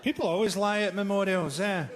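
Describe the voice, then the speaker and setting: A Scottish man doing a stand-up comedy set on a live stage, delivering dark jokes in a dry, deadpan way. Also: high-pitched, fairly quick. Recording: live show with loud ambient noise.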